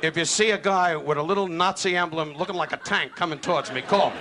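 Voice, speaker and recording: A man from New doing live stand-up insult comedy, firing brash rapid jabs at audience members. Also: fairly high pitch. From New York. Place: live club stage before an audience. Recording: noisy archival live recording, loud crowd laughter.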